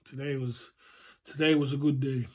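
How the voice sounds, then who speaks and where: A man's voice: medium pitch, fairly even intonation, moderate pace, darkish tone, breathy edge. A man chatting loosely on a livestream, boastful and rambling. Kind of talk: casual livestream chat.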